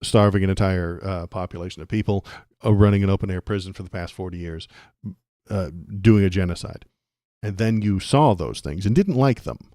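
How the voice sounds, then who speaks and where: Deep-voiced ranting man livestreamer. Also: fairly quick, dark tone, dry recording, clean studio sound. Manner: ranty, sarcastic, laughs often, talks to chat. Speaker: political livestream host.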